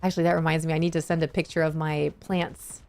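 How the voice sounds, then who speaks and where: A woman's voice: sits low, flat delivery, fast, creaky, a little mellow, slight background noise. A woman streaming a video game, chatting casually with her viewers and reacting with easy delight. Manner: bubbly, easily delighted, chatty. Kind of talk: casual live-stream gameplay chat.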